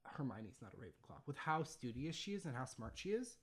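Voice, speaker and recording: A man's voice: mid-range voice, big pitch swings, brisk. A man chatting casually about a movie, laid-back and saying "like" a lot. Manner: laid-back, leans on "like" and "for sure".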